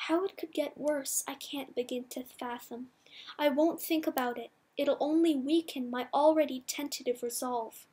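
A woman reading a novel aloud in the first person, measured and softly dramatic. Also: high-pitched, steady tone. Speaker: audiobook reader.

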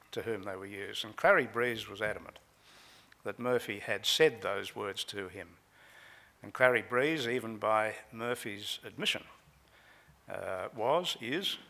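A man speaks at a conference lectern, recounting a trial in a measured way with frequent pauses. His voice sits a little low, with a gravelly edge and a bright, forceful tone. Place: conference hall.

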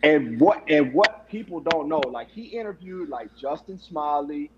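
A man's voice: fairly high pitch, lively intonation, normal speed, lo-fi sound, background noise. A man in his forties, a former football player, casually telling a story with slang and frequent laughs. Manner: laid-back, laughs often, slangy.

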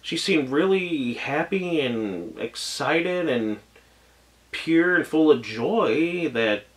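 A man's voice: on the high side, expressive, slow. A man reviewing an anime episode in casual talk, gushing and emotional, rambling with many restarts and trailing thoughts.

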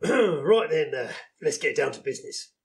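Brief: man playing a pompous, bumbling inspector for a comedy sketch, high voice that swoops around, stammering bluster. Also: lively intonation, moderate pace, creaky. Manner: blustering, stammering, chuckling at himself. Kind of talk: live comedy sketch reading.

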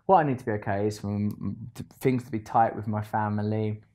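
A man telling a rambling storytime monologue, animated and self-deprecating, swinging between loud bursts and low asides. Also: a little fast. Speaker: vlogger.

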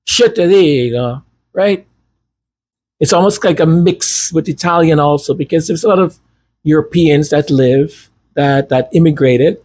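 A man whose first language is Spanish talks at an unhurried, drawn-out pace in a chatty, digressive commentary style. His voice sits a little high for a man and has a husky, slightly breathy edge, and he often pokes fun at himself. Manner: chatty, digressive, self-deprecating. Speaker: commentary channel host. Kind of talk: casual commentary monologue.

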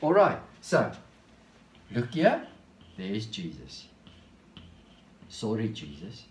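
Slow, lively Afrikaans-accented male preacher. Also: fairly low pitch, slight background noise. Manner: slow, emphatic, repeats phrases word by word; points to a board while teaching. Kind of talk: sermon teaching.

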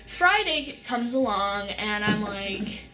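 A teenage girl telling a story in a casual vlog, excited and rambling, with lots of "like" and restarts. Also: medium pitch, takes it slowly, music in the background. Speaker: vlogger.

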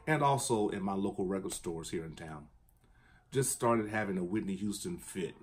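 A man chatting casually and enthusiastically about his record collection, at times singing along in a high falsetto. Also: a little mellow. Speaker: vinyl collector vlogger. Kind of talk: casual chat.

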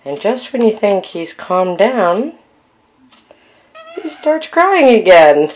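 A woman's voice: medium pitch, sing-song, takes it slowly, darkish tone. A woman filming her parakeets at home, narrating and coaxing them in soothing baby talk. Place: home with pet birds. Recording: home video with clear background noise and bird cries.

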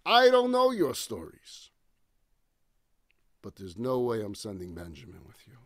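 A man's voice: lowish voice, fairly quick, darkish tone, breathy edge, no echo, clean studio sound, pitched below the performer's own voice. A man playing a grieving, suspicious old father of many sons, complaining bitterly as the story is retold. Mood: bitter, anguished.

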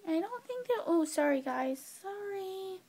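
A woman filming herself on her phone, softly hushing and soothing a baby while chatting casually to her viewers. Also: extremely high pitch, lively intonation, unhurried, creaky. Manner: soothing, hushing, often soft and whispery. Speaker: vlogger caring for a baby. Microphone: handheld phone.

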